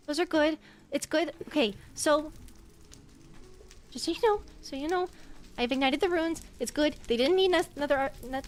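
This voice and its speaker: A woman speaking as a healer in a voice roleplay, anxious and apologetic, repeating herself a lot. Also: high voice. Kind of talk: in-character voice roleplay.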